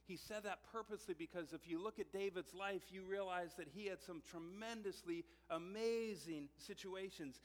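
A man's voice: high-pitched, normal speed, hardly any pauses. A man preaching a sermon as pastor, telling a personal story in a conversational way, often repeating and restarting words. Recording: long hall reverb.

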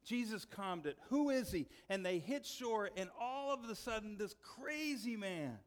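A man preaching a sermon as a pastor, telling stories conversationally and dropping to quiet, earnest tones for emphasis. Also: sits high, animated, a little slow, big-room sound.

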